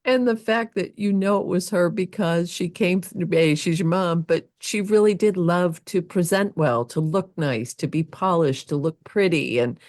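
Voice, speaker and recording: A woman's voice: fairly low pitch, moderate pace, few pauses, a little mellow, dry recording, studio quality. A woman co-hosting a podcast who chats casually and answers in a supportive, affirming way. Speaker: podcast co-host. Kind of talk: casual chat.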